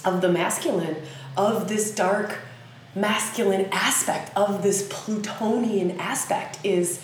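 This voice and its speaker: A woman speaking slowly and earnestly in a frank spiritual talk, with casual swearing mixed in. Her voice sits at a middle pitch, and a very echoey room rings around every word. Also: a little hiss or hum.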